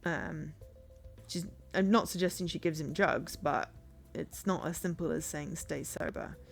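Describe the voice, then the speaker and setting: A woman's voice: sits low, unhurried, creaky, soft background music. A woman streamer giving casual game commentary, chatty and thinking aloud.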